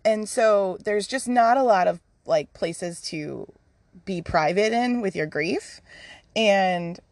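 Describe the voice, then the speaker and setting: A woman's voice: medium pitch, slow, no room sound. A woman hosting a casual personal podcast, talking candidly and swearing freely while recording outdoors in a yard. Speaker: podcast host.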